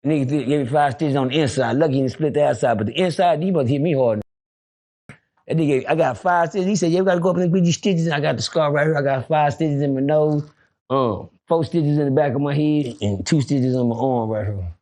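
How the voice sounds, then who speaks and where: A middle-aged man, a guest in a casual interview, tells stories in a voice on the high side at a brisk pace. He is animated and keeps slipping into the voices of the people in his stories.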